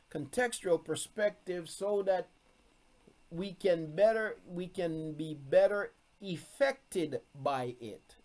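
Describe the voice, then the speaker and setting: A man teaching from scripture to a streamed congregation, reading verses aloud and repeating his key points with emphasis. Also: high-pitched. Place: room, streamed on video call.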